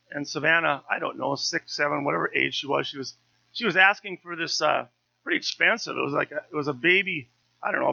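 A man's voice: fairly high pitch, gravelly, pushed and bright, no room sound, muffled recording. A man in his fifties, a pastor preaching a sermon in a conversational, story-telling way with touches of humour.

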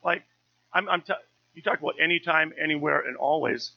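A man's voice: fairly high pitch, a little fast, vocal fry, muffled recording. A man in his fifties, a pastor preaching a sermon in a conversational, story-telling way with touches of humour.

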